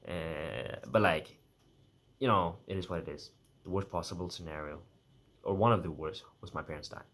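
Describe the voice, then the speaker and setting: A man's voice: sits low, normal speed, a bit bright. A young man in a casual personal monologue, rambling and correcting himself as he half-jokes through his thoughts. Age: young adult. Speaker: vlogger.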